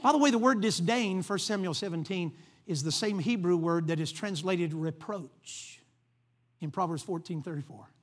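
A preacher telling a Bible story in an animated sermon, acting out the characters and calling for amens. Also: male voice, sits high, moderate pace. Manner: calls for amens from the congregation.

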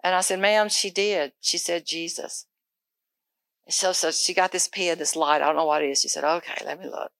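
A woman pastor telling a testimony in a sermon, going hushed and intense in the story, then lifting into preaching. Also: on the low side, steady tone, moderate pace, creaky, no room sound.

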